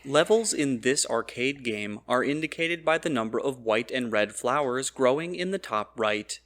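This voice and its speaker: A man reading out scripted quiz questions in an even, formal, measured way. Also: mid-range voice.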